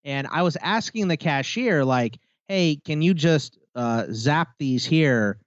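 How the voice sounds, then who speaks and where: A man's voice: on the high side, slow pace, dry recording, lo-fi sound. A man co-hosting a podcast, telling a story in casual chat and acting out the people in it. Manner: animated storytelling with quoted voices. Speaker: podcast co-host.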